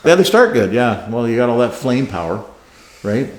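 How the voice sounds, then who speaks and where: A man with a mid-range voice tells a racing story in a lively, casual way. He keeps asking "right?", acts out the other voices and laughs between the lines. The sound is roomy, with a clear echo off the walls. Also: medium pitch, moderate pace. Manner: animated, acts out radio calls, laughs often, says "right?". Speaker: podcast co-host telling a racing story. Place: garage studio.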